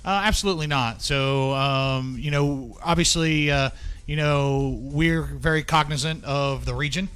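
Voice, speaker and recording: A man with a smooth, clear voice pitched a bit high, representing a new resort. He answers in a measured, careful way, padding his talk with plenty of fillers. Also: fairly even intonation, a bit bright. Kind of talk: casual interview answers.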